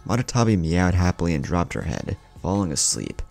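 Deep gravelly male story narrator. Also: sing-song, fairly quick, a little mellow, soft background music. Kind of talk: scripted narration.

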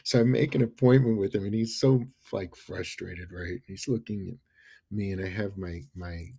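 A man in his fifties from New York, a podcast guest telling animated stories and often adding "right?" and "you know". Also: sits low, normal speed, vocal fry, husky. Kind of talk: casual storytelling interview.

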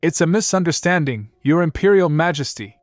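A man's voice: a little high, expressive, a little fast, no room sound, studio quality, soft background music, pitched above the performer's own voice, natural voice. A man voicing a groveling, scheming young king who pleads and pushes. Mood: pleading. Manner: pleading, whiny, pushy.

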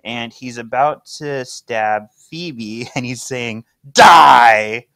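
A man's voice: mid-range voice, slow, fairly bright tone, no echo. A man co-hosting a podcast, casually recapping a comic and reading its lines aloud with playful emphasis. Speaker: podcast co-host.

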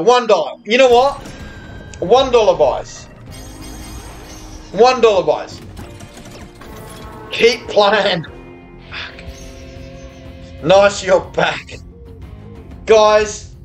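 A tipsy man talks in a high voice with a slow, unhurried drawl. He rambles to his viewers, swears constantly and slurs a little. Faint music plays behind him. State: tipsy, slurring a little after beers. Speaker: streamer. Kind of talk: live gambling stream chat. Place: hotel or home room abroad.

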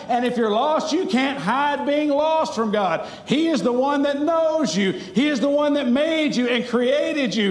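High-voiced preacher in an echoey church. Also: male voice. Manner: earnest, pleading, slips into storytelling with a wry humor. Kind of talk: sermon. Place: church sanctuary.

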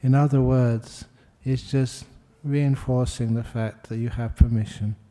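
A man's voice: mid-range voice, steady tone, measured pace, mellow. A monk giving a humorous dharma talk, jokey and self-deprecating, laughing at his own jokes. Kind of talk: humorous spoken sermon.

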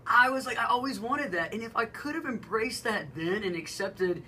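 A woman with a deep voice that gets mistaken for a man's, co-hosting a radio talk show and telling lively stories. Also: normal speed, slight background noise, low-quality recording. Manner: low-voiced, animated storytelling with laughs. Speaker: radio co-host.

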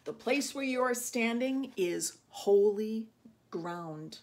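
Loud thundering god voice, slow and a bit breathy, a lady doing it for a kids story. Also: fairly high pitch, animated. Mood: commanding. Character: booming voice of God, commanding male deity.

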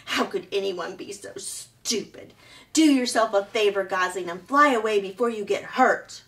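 A woman's voice: mid-range voice, moderate pace, fairly bright tone, distant mic, natural voice. Woman doing Nettle, a sneering bossy bear. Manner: sneering, mocking. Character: sarcastic bossy young female bear.

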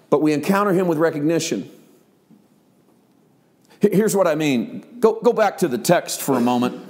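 A middle-aged male pastor preaching a sermon, lively, jumping up high for emphasis and dropping low and quiet on quoted doubts. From United States.

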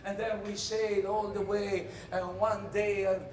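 A man with an Italian accent performing a comic theatre monologue in English, storytelling animatedly with sudden shouted cries. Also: unhurried. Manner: animated storyteller, bursts into high shouted cries, laughs through lines. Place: theatre stage. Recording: roomy hall echo.

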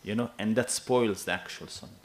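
A man in his thirties preaching a sermon in an animated, emphatic way, often checking with his listeners. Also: on the low side, brisk. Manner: animated and emphatic, with asides to the audience.

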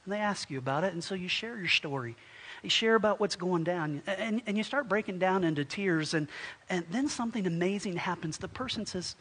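A male pastor preaching a sermon and telling a story, swinging from loud and lively to soft and hushed, often restarting his words. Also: high-pitched, a little fast, husky.

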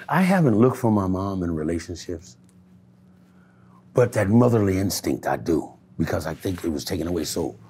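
A man in a candid street interview, speaking in a low-key, reflective way and swearing freely. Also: creaky, darkish tone, slight background noise.

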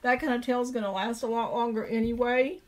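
A middle-aged woman with a Southern drawl hosts a homemade craft tutorial. Her voice sits a little high, and she chats along as she works, thinking aloud about each step. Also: steady tone, fast talker. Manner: chatty, thinks aloud while drawing. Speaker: craft video host.

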